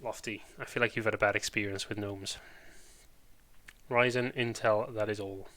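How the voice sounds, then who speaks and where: A man's voice: fairly low pitch, fairly even intonation, normal speed, a bit bright. Chatty Welsh man streaming. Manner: chatty, rambling, British slang. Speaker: live streamer. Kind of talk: casual live-stream chat.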